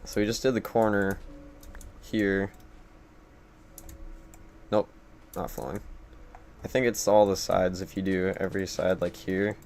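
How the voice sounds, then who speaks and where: A man's voice: deep voice, flat delivery, unhurried, pauses often, darkish tone, slight background noise. A young man live-streaming a game at his computer, rambling and joking at his own expense. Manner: rambling, joking and self-deprecating. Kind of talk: casual gameplay live-stream commentary.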